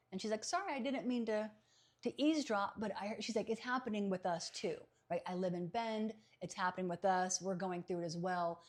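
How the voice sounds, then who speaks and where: A woman who works as a psychic medium, telling a story in casual conversation as a podcast guest. She is animated, laughs often and acts out the voices she quotes. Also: on the low side.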